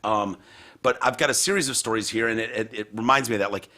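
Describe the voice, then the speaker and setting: Bright-voiced podcast guy, swears a lot, does the voices when he tells stories. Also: lowish voice, fast talker, slight background noise. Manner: profane, animated storyteller who acts out people he quotes. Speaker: podcast host. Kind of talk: casual chat.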